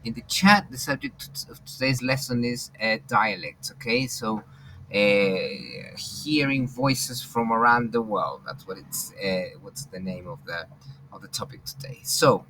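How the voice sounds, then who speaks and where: A man's voice: on the low side, very animated, measured pace, pushed and bright, slight background noise, rough recording. A man who grew up in England, teaching an online English class and talking with many fillers and restarts. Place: home, online video call. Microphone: computer mic on video call.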